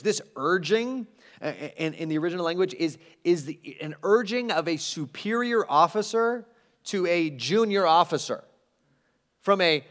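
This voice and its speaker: A man preaching a sermon in an animated, conversational way, with self-deprecating asides. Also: high-pitched. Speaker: pastor.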